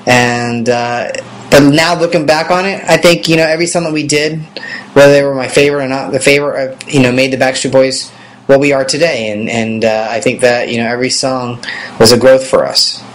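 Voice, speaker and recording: A man in his thirties talks casually as he answers fan questions, rambling and filling pauses with ums. His voice sits in an ordinary middle pitch. Faint background noise is under the talk. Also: rough recording. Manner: relaxed and rambling, many fillers. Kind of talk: casual video Q&A.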